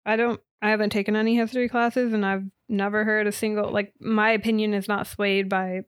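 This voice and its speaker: A woman's voice: medium pitch, little pitch movement, fairly quick, clear, resonant tone, no room sound, studio quality. A young woman from Michigan in college with a Midwestern accent, co-hosting a casual chat in an earnest way, full of "like". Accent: Midwestern American. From Michigan, USA. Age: young adult. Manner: earnest, many "like" fillers. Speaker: podcast co-host.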